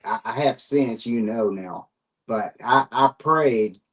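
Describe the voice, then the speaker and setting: A man with a Texan accent, a paranormal investigator, chiming in on an interview in a halting way that repeats words. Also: medium pitch, fairly bright tone, distant mic. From United States. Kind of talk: conversational interview.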